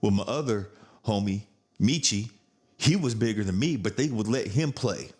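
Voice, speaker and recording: A man's voice: on the low side, expressive, moderate pace, darkish tone. A man hosting a podcast in casual chat, blunt and profane, laughing as he tells family stories. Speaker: podcast host.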